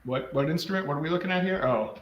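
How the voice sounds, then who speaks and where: A man's voice: a little high, racing, dull audio. Man, casual host chat, offhand tone, reverberant room. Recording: echoey room with faint noise.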